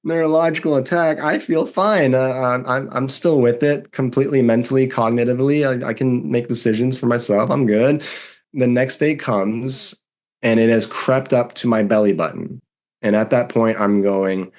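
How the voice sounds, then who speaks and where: A man's voice: mid-range voice, moderate pace. A young man, a podcast guest, vividly retelling a personal story and acting out what others said. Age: young adult. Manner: vivid, animated retelling with acted-out quotes. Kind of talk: storytelling in a conversation.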